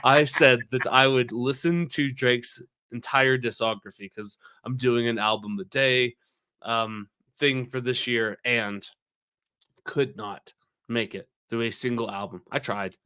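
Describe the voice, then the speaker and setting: A man's voice: medium pitch, steady tone, a little slow, sharp tone, clear, resonant tone. A man co-hosting a podcast in casual banter, rambling and emphatic, swearing often. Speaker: podcast co-host.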